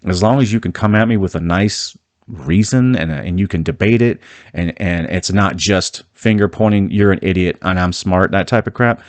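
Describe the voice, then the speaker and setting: A man with a very low voice delivers a heated, emphatic solo commentary, often restarting his sentences as he pushes his point. The sound is close and dry, with no room around it. He comes across as a host fired up about his topic. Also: moderate pace, no room sound.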